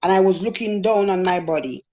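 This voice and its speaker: With a medium-pitched, warm voice and a fairly quick pace, a middle-aged Jamaican woman earnestly shares a personal story in casual testimony, in her Jamaican accent. She acts out the voices she quotes, and the sound is lo-fi.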